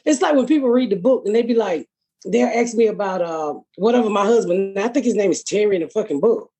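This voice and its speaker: A woman's voice: medium pitch, expressive, fast, mellow, breathy edge. A middle-aged woman hosting a podcast, telling stories in a blunt, profane, casual way. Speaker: podcast host. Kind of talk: casual chat.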